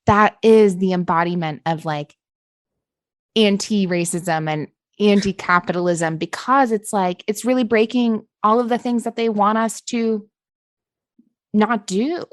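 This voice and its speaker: A woman's voice: mid-range voice, no echo. A woman hosting a podcast interview, talking earnestly and casually, full of "like" fillers and the odd swear word. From Appalachia. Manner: earnest, heavy use of "like", swears. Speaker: podcast host.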